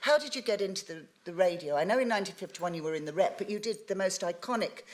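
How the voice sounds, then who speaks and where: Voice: mid-range voice, lively intonation, quick pace. An interviewer on a festival stage, putting prompting questions to a guest. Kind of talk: onstage interview.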